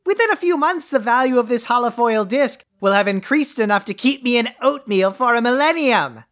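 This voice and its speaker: A woman's voice: on the high side, animated, fairly quick, a bit bright. A woman playing a pompous, greedy, deposed male overlord in a comedy audio play, with a grandiose, haughty delivery. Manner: grandiose, haughty and theatrically dry.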